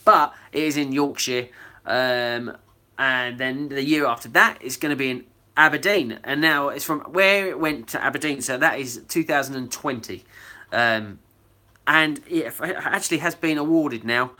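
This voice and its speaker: A man hosts a casual live video hangout, chatting loosely with plenty of fillers and reading viewer comments aloud. His voice is mid-range with a sharp tone, and he speaks at a normal pace. It's laid-back live-stream chatter.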